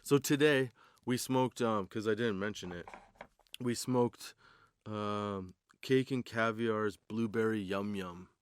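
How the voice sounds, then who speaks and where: A man's voice: lowish voice, takes it slowly, clear, resonant tone, no room sound. A man hosting a comedy podcast, rambling through a casual, profane stoner monologue. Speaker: podcast host. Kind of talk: comedic stand-up style monologue.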